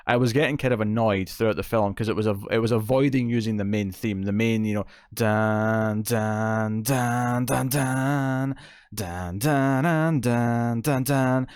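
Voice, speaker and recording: A man's voice: fairly low pitch, no echo, studio quality. A man hosting a casual spoken movie review show, enthusiastic and rambling, with many fillers and restarts. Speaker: film reviewer, show host.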